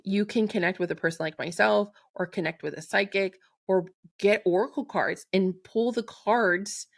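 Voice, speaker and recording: A woman hosting a solo spiritual podcast, speaking in a gentle, affirming way and slowing down to recite intentions. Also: mid-range voice, vocal fry. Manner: slow and deliberate when reciting an intention. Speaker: podcast host and Reiki practitioner.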